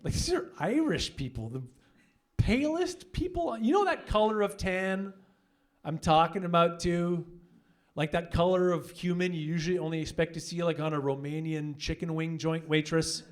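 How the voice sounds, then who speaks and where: A young man doing a stand-up comedy set on a club stage, brash and profane, telling animated stories into a handheld mic. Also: on the high side, normal speed. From Canada.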